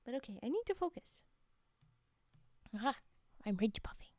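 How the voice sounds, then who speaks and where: A woman streamer chatting playfully with viewers during an ASMR stream, soft-spoken, often dropping to a whisper, and giggling a lot. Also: a little high, very animated, normal speed, no room sound.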